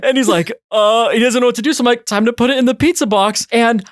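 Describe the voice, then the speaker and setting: A man's voice: very high-pitched, quick pace, no room sound, studio quality. A young man co-hosting a podcast, telling a comedic story, acting out the people in it and swearing freely. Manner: animated, acts out voices in anecdotes, swears freely. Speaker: podcast co-host.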